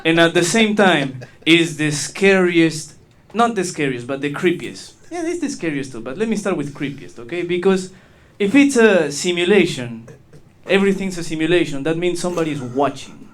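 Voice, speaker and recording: A man's voice: on the high side, sing-song, normal speed. Peruvian-accented man doing stand-up. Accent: Peruvian Spanish. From Peru. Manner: crude, rambling, self-mocking. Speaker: stand-up comedian. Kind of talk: stand-up comedy set.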